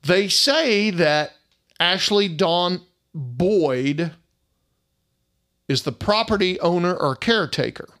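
Middle-aged guy, raspy fry, fired-up storytelling, plays out both sides of the talk. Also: high voice, slow, pauses often. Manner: animated, indignant retelling that acts out other people's lines. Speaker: private investigator. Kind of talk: casual storytelling monologue.

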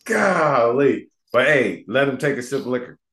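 A man co-hosting a casual podcast chat, profane and animated, laughing often and trailing off quietly. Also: medium pitch, normal speed. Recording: echoey room.

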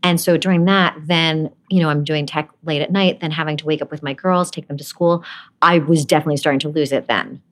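Low-voiced chatty actress woman. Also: fairly even intonation, a little fast. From Brooklyn, USA. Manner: chatty, laughs often, rambling asides. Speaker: stage actress, guest. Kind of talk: casual interview chat.

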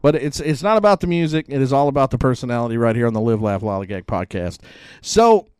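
A man hosts a loose podcast chat. His voice swings up and down in pitch, and he laughs and swears freely. The sound is dry and close. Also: big pitch swings, quick pace, a little mellow, clean tone, no echo. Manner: laughs often, swears casually. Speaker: podcast host. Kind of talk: casual chat.

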